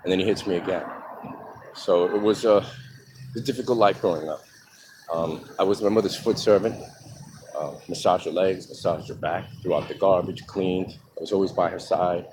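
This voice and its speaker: A man telling his own life story in a frank, halting way, pausing often with ums. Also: low-pitched. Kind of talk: candid personal monologue. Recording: outdoor traffic noise behind.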